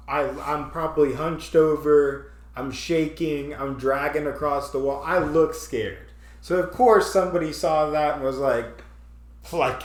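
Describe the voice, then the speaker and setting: A man's voice: fairly high pitch, roomy sound. A man hosting a casual chat, telling a story with frequent laughs and acted-out panic. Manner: animated, laughing often, acts out his own panic. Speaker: podcast host.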